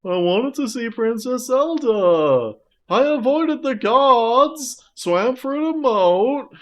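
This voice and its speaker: A hapless young fellow who whines slowly in a raised voice, as a man puts him on. His pitch jumps around, lively and complaining. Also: heavily acted. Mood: whiny.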